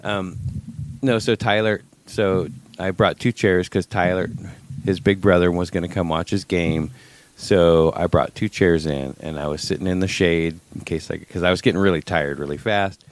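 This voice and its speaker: A man's voice: deep voice, steady tone, moderate pace, no echo. A man co-hosting a podcast, chatting casually in a rambling way with dry sarcasm, just over an illness. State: recovering from covid. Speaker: podcast co-host. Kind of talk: casual chat.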